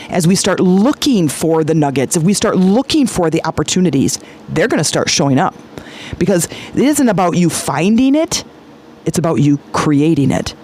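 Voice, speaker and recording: A woman's voice: lowish voice, a little mellow, slight background noise. A woman hosting a podcast as a spiritual coach, teaching in a casual, chatty way, sometimes swearing and acting out her listeners' thoughts.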